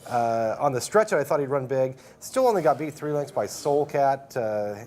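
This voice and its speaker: A Canadian man with a mid-range, expressive, darkish voice talks casually through his horse racing picks as a handicapper. He's quick and conversational, rattling off each horse's form.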